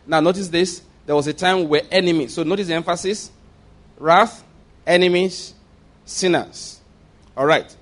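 A middle-aged man preaching a sermon, reading scripture slowly and with heavy emphasis. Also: fairly high pitch, steady tone.

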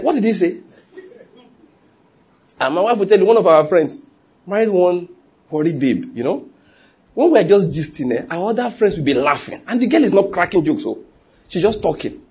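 A middle-aged man preaching a sermon, telling stories with animated quoted voices and frequent laughs. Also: sits high, a little fast, husky. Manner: animated storytelling, laughs often, acts out quotes. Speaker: pastor.

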